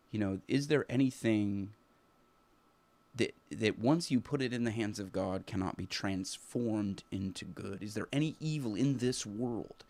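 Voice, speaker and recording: A man hosting a live stream, talking through his views in an earnest, halting way, with many fillers and restarts as he thinks aloud. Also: lowish voice, creaky, a little mellow. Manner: earnest, reflective. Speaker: teacher. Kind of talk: unscripted live stream commentary.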